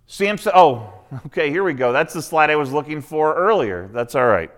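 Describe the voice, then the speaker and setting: A man preaching a sermon in a slightly higher-than-usual voice. His tone is smooth and resonant, and he retells the story casually, breaking off for his own comments. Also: lively intonation, normal speed. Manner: conversational, retells scripture with asides.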